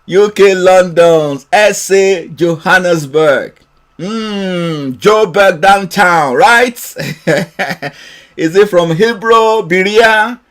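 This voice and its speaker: Slow, high-voiced man greeting viewers. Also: a bit bright. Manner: cheerful, laughs often, greets viewers by name. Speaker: trading mentor hosting a live session. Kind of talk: live-stream greetings to viewers.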